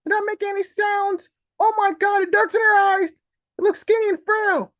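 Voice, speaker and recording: Shrill panicky bystander. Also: male voice, fairly even intonation, moderate pace, fairly bright tone, no room sound. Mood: frantic. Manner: shrill, frantic exclamations. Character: panicky adult male bystander watching monster chaos. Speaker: open mic poet. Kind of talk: comic poetry performance. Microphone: video call.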